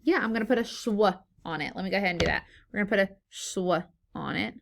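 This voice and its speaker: A woman teacher leading a phonics lesson for young children, slow and encouraging, sounding out words syllable by syllable. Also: mid-range voice, creaky, a little hiss or hum. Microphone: recorded lesson video.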